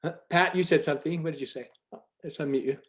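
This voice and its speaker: A man with a fairly high voice talks on a video call. He rambles and stresses his points hard, often stopping and starting his sentences over. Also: fast, fairly bright tone. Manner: rambling, emphatic, frequent restarts. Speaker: call organizer. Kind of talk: casual group video call talk.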